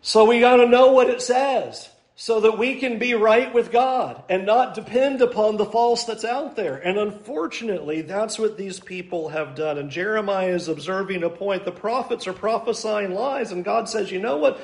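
High-voiced man preaching in an echoey room. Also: moderate pace, hardly any pauses. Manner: emphatic, repeats key points, dry sarcasm. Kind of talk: sermon. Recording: roomy echo.

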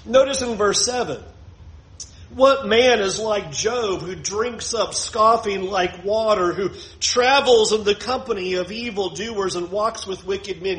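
Man, preacher, expository sermon, emphatic repetition, high voice, reverberant room. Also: a bit bright, a little hiss or hum. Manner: earnest, emphatic repetition with slowed phrases.

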